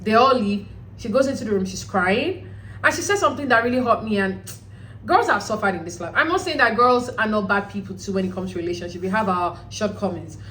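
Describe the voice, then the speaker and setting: A woman hosting a reality show recap, talking casually in an animated, blunt way with some swearing. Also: mid-range voice, brisk, slight background noise, poor audio.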